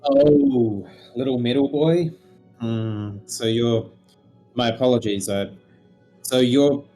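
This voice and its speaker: An earnest, apologetic adventurer in a tabletop game, played by a man in his own mid-pitched voice. He stumbles over his words and restarts often. Faint music plays behind. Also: mellow, lightly acted. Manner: apologetic, hesitant, repeats himself.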